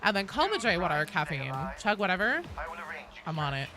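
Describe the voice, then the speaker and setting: A gaming streamer chatting casually with viewers, reading chat aloud and deliberately speaking higher to avoid vocal fry. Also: very animated. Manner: chatty, reads and answers chat; talks in a raised pitch on purpose to avoid vocal fry. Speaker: gaming livestream host.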